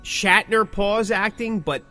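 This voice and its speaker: A man's voice: high-pitched, slow pace, bright, forceful tone, soft background music. A man co-hosting a podcast, chatting casually and joking playfully about his own dramatic delivery. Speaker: podcast co-host. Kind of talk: casual chat.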